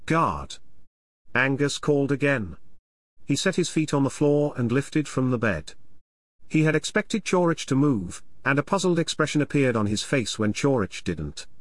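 Male narrator, mid pitch, lively melody, dry close sound; reads an audiobook chapter with measured storytelling. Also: no echo. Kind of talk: scripted narration.

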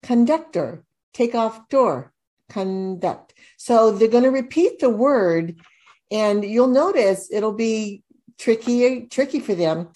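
A woman teaching reading skills, slowly sounding out words and syllables in a demonstration lesson. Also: on the high side, animated, mellow. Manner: slow, deliberate, sounding out syllables. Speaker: reading tutor. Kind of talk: instructional demonstration.

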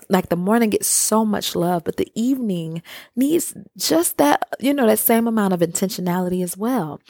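A woman host giving casual, encouraging advice, often checking in with "right?" and "you know", slowing down to guide breathing. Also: mid-range voice, lively intonation, mellow, no room sound, clean studio sound. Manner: soothing, encouraging, slows down for breathing guidance.

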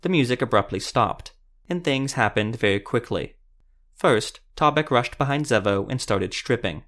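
A man narrating a fantasy audiobook in a steady, even storytelling manner. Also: medium pitch, moderate pace.

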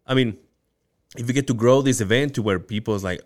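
A man guesting on a podcast, telling stories in a rambling, excited way. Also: mid-range voice, fairly quick. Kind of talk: casual podcast chat.

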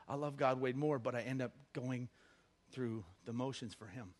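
A man's voice: medium pitch, steady tone, moderate pace. A middle-aged man giving a conversational sermon as a pastor, joking at times and rising into emphatic bursts.

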